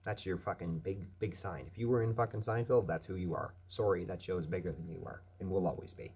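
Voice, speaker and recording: A man's voice: low-pitched, brisk, vocal fry, darkish tone, husky. A man ranting bluntly and with plenty of profanity in a casual monologue at his night-shift workplace. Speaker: vlogger. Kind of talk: casual rant.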